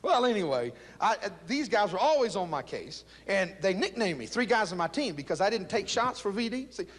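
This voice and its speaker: A man's voice: high-pitched, very animated, brisk. An older man, giving a folksy, joking motivational speech to young people about loyalty and his war years. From South Texas. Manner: folksy, jokey, fired-up preaching. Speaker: speaker telling his war story. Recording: long echo of a big hall.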